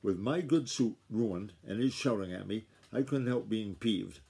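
An older man from Maine reading a novel aloud to his family, relaxed and conversational, with asides of his own. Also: on the low side, measured pace, gravelly, slightly rough. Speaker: reader.

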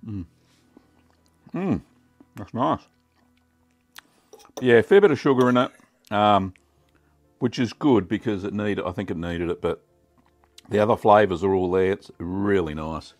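A middle-aged Australian man hosting a casual cooking vlog, chatty and relaxed with many ums. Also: lowish voice, measured pace, long pauses, soft background music. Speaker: cheesemaking channel host.

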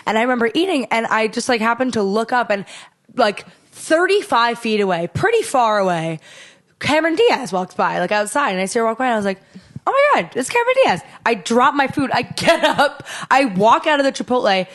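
A young woman co-hosting a chatty podcast, her voice pitched a touch high. She tells stories with animated energy, jumping into the voices of the people she talks about. Quick and lively throughout. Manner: animated storytelling, acts out voices in quotes. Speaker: podcast co-host. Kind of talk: casual chat.

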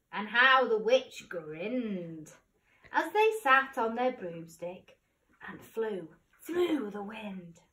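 A woman teacher reading a picture book aloud, expressive, dropping to whispers and rising to loud cries. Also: mid-range voice. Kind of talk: storybook read-aloud. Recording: roomy, distant mic.

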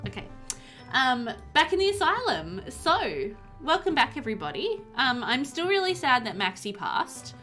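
A woman's voice: sits high, sing-song, normal speed, hardly any pauses, bright, forceful tone, soft background music. A young woman chatting casually on a livestream as a streamer and new mum, talking in a chatty, giggly way with lots of fillers. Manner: chatty and giggly, many fillers like "like" and "um", reads chat aloud. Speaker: game streamer and new mother.

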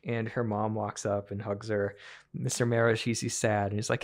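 A man co-hosting a comedy podcast, improvising a story and jumping into squeaky character voices for the figures. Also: level tone, moderate pace. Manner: acts out characters with sudden high-pitched voices. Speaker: podcast co-host.

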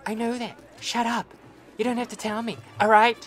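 A man giving let's-play commentary on a war game, excitable and ranting, swearing at the game. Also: very high-pitched, moderate pace, music in the background. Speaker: gaming channel host.

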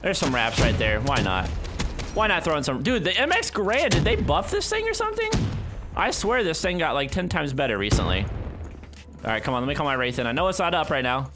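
A young man giving live gameplay commentary, muttering one moment and yelling in frustration the next, with game gunfire and music underneath. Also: medium pitch, big pitch swings, fairly quick. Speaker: gaming YouTuber. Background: game gunfire and instrumental music.

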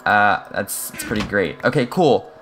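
Excitable young man playing a game. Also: moderate pace, slight background noise. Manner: excitable, jumps to high-pitched yelps when startled; rambling, self-mocking asides. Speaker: gaming channel host. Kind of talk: casual gameplay commentary.

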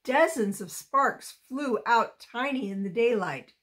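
A woman reading a children's novel aloud chapter by chapter, slow and careful with expressive touches. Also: a little high. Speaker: storybook reader.

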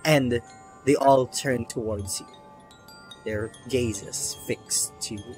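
Male game master, slow calm narration, soft ambient music behind. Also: mid-range voice. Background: faint ambient music.

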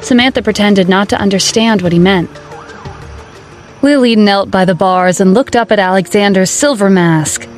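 A woman reading a dramatic story aloud as narrator, in a steady storytelling manner. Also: mid-range voice, normal speed, faint music behind. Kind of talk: scripted narration.

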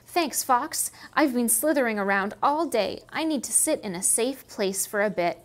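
A woman's voice: a little high, lively intonation, normal speed, natural voice. A woman voicing a small, scared, lost young male snake in a storybook reading. He talks timidly and politely, asking questions. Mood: anxious polite.

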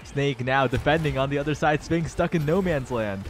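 A man casting a live esports tournament with energetic play-by-play that rises with the action. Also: mid-range voice, normal speed, over music. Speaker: esports caster.

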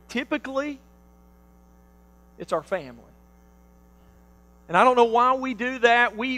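A man preaching a sermon, telling a personal story with animated swings between loud bursts and hushed quotes. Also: high voice, poor audio.

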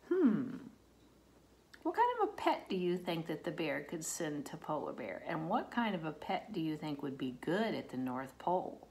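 A woman reading a picture book aloud to children, gently explaining and asking the listener questions. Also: low voice, very animated, normal speed. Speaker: storybook reader.

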